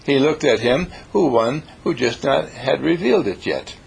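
A man giving an inspirational talk, telling stories in an animated, emphatic way and repeating his key lines. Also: mid-range voice, normal speed, creaky, slightly rough. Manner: animated, repetitive, emphatic storyteller. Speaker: speaker.

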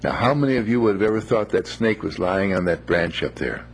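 Low, gravelly man; gentle folksy storyteller who draws a moral. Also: animated, slight background noise. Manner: gentle, unhurried, moralizing with homely phrases. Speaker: speaker telling a moral story.

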